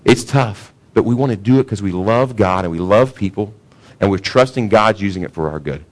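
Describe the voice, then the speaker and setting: A pastor preaching a sermon in a casual, conversational way, often asking the congregation questions. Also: male voice, lowish voice, fairly quick. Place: church sanctuary.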